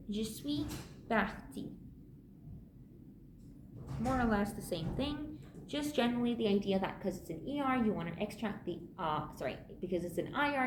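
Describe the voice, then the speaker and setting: A woman teaching a French grammar lesson, patiently repeating key points and slowing down to sound out the French words. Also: medium pitch, echoey room, background noise. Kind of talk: online language lesson.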